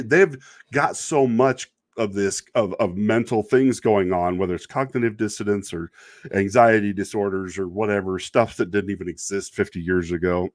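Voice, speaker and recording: A middle-aged man hosting a casual video talk, rambling in a wry, exasperated way and laughing at himself now and then. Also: lowish voice. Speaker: video podcast host. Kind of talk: casual monologue about online commenters.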